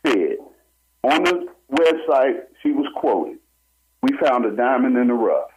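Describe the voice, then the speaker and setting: A barber and homeowner tells his own story to a talk show host with urgency, acting out what other people said. His voice is medium-pitched and darkish, slightly muffled with faint noise.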